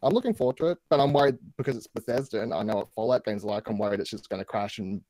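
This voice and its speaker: A man's voice: on the low side, very fast, dry recording, rough recording. Man rambling casually on a dry mic. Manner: rambling, thinks out loud. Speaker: panel guest. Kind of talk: casual panel chat.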